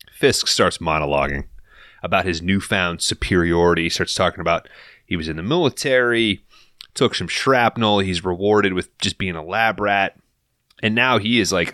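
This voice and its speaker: A man on a podcast recapping a film in casual, profane, animated storytelling, acting out the characters' lines as he goes. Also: deep voice, moderate pace, dry recording, studio quality.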